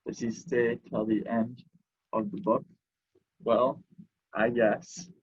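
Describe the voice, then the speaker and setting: A man reading picture books aloud at a library story time, slow and unhurried, adding short comments of his own. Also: mid-range voice, flat delivery, husky, muffled recording.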